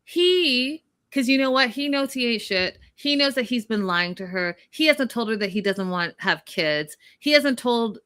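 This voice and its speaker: A woman's voice: fairly high pitch, animated, moderate pace, few pauses, fairly bright tone. A woman co-hosting a casual recap chat, blunt and opinionated, mocking people by quoting them in put-on voices. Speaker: podcast co-host.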